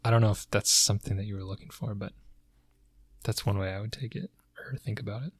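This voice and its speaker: A man's voice: on the low side, steady tone, quick pace, breathy edge, no echo. A man co-hosting a podcast, talking through a book in a thoughtful, hedging way and searching for words. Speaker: podcast co-host. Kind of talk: casual book discussion.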